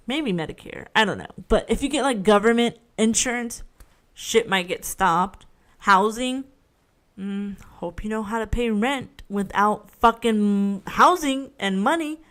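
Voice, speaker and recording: A woman's voice: mid-range voice, a bit bright. A woman hosting her own podcast in a casual solo rant, rambling, frank and swearing freely, often poking fun at herself. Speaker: podcast host.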